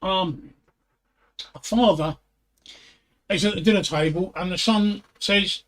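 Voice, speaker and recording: Hesitant high-voiced man. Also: measured pace, pauses often, a bit bright. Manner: hesitant, stammers and repeats words. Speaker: host. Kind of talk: casual livestream chat telling jokes. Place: at home.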